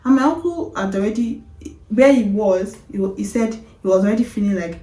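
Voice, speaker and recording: A woman vlogger casually retelling a story, animated, often breaking into laughter. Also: medium pitch, fairly quick, echoey room, far from the mic, low-quality recording.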